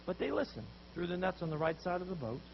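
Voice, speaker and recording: Male pastor, high voice with gravel, animated storyteller, faint hiss on a muffled recording. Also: quick pace. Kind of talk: sermon.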